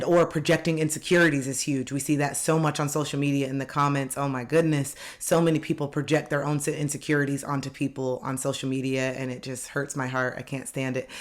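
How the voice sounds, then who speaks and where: A woman life coach giving an earnest, direct motivational self-help talk, repeating key phrases for emphasis. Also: extremely low pitch.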